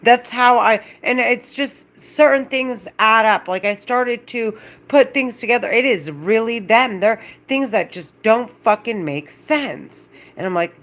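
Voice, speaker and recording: A woman's voice: a little high, expressive, unhurried, a bit bright. A woman speaking to her livestream in an agitated, angry, rambling rant full of profanity. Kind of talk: agitated monologue to camera.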